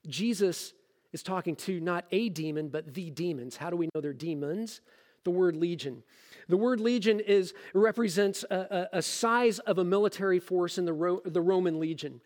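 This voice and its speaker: A high-voiced pastor preaches a lively sermon and mixes casual jokes into his explanation of scripture. His voice carries a long reverb, like in a large hall. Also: normal speed.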